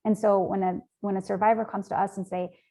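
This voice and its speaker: A woman's voice: mid-range voice, little pitch movement, a little fast, mellow. A woman speaking as an interview guest, earnest and rambling, with frequent ums and likes. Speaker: nonprofit founder, interview guest. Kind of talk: conversational interview.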